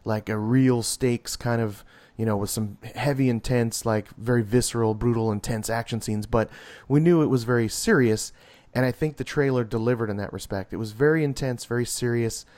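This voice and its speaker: A man's voice: medium pitch, moderate pace, a little mellow. A talkative man with a middle-range voice chats about a film he just saw. He rambles with many restarts and breaks into laughter often. It sounds like easygoing talk between friends. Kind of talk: casual movie chat.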